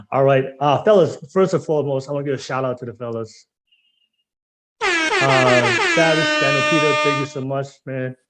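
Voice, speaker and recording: A man's voice: medium pitch, fast, hardly any pauses, fairly bright tone. A man hosting a podcast in casual chat, teasing his guests and laughing as he wraps up. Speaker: podcast host.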